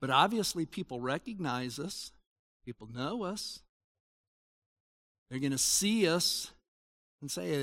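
A man in his sixties preaching a sermon in a conversational way, moving between loud emphasis and quiet asides. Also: fairly high pitch, animated, slow pace, long pauses. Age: 60s. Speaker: pastor.

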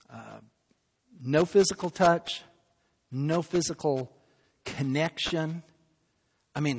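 A man preaching a sermon, lively and emphatic, acting out quoted lines as he teaches. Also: medium pitch, slightly rough. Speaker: pastor. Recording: long hall reverb, faint noise.

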